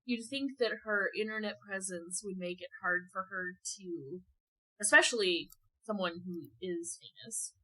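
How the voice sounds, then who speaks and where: A woman's voice: mid-range voice, a little slow, sharp tone, rough recording. A woman with a mid-range voice co-hosts a casual podcast chat. She is chatty and blunt, laughing often and swearing freely. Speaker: podcast co-host.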